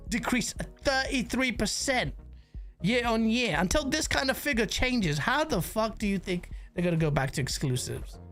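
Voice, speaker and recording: A woman giving casual, rambling livestream commentary on gaming news, swearing freely and reacting to chat messages. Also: mid-range voice.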